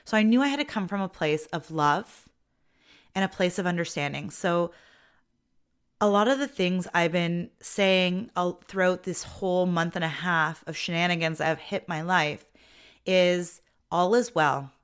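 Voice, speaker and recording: Speaking at a moderate pace in a clean, lowish voice, a middle-aged podcast host talks about her life as a mom. Her relaxed, animated monologue is sprinkled with "like" and occasional laughter.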